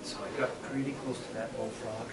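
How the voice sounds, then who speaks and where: A man, a school superintendent, telling a story to a class of third graders in a lively way, dropping to a hush for suspense. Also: medium pitch, normal speed, crowd noise. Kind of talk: animated storytelling to children. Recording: echoey classroom, mic far off, children listening. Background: children listening.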